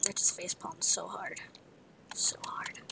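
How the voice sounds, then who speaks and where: A woman's voice: lowish voice, huge pitch swings, measured pace, vocal fry, poor audio. A woman narrating her own gameplay, muttering to herself in a half-whisper with frustrated outbursts. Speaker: gamer. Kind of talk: let's play commentary.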